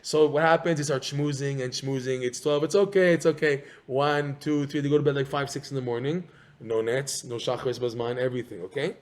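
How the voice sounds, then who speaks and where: A man giving an animated Torah class, repeating phrases and firing rhetorical questions. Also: medium pitch, a little fast. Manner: excitable, rhetorical questions, repeats phrases, mixes in Hebrew terms. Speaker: Torah teacher.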